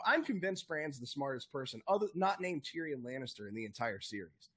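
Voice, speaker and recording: A young man chats on a podcast, his husky voice leaping up and down as he rants with plenty of swearing. He sits a bit high for a man and never stays flat for long. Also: brisk, hardly any pauses. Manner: excitable, profane ranting. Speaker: podcast co-host. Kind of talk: casual chat.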